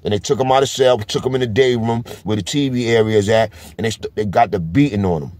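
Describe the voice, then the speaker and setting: A vlogger with a New York accent talks straight to the camera in a casual street-commentary vlog, hammering each point with a constant "you heard?" His voice is fairly low, quick and a bit mellow, with no echo.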